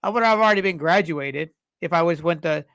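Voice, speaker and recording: A man's voice: a little high, fast talker, fairly bright tone, no echo. A man in his forties co-hosting a podcast, rambling through stories in casual chat and swearing freely. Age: 40s. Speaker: podcast co-host.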